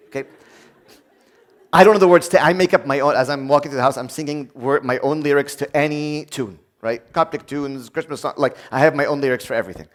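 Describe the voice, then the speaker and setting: A man's voice: mid-range voice, fairly quick. A middle-aged man preaching a conversational sermon, acting out quoted voices along the way.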